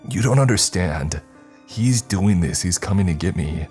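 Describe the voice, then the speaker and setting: A man's voice: sits low, lively intonation, normal speed, a little mellow, faint music behind. A man voicing a frightened young man who is losing his grip, panicked and pleading, breaking into screams, in a horror story. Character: frightened, unraveling young man haunted by a presence.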